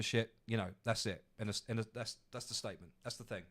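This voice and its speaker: A man's voice: lowish voice, brisk, fairly bright tone. A man hosting a podcast, ranting angrily with lots of swearing. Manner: angry, profane ranting. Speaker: podcast host. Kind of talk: ranting commentary.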